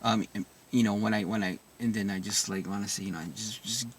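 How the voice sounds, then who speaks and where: A man talking through his own marriage struggles in a halting, reflective monologue, full of restarts and soft asides. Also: lowish voice, fairly even intonation, far from the mic. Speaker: vlogger sharing personal experience.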